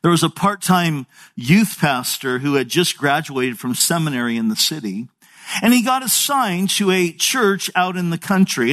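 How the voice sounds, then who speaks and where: A man's voice: high-pitched, fairly bright tone. A man in his sixties, a pastor preaching a sermon in a conversational storytelling way with folksy asides.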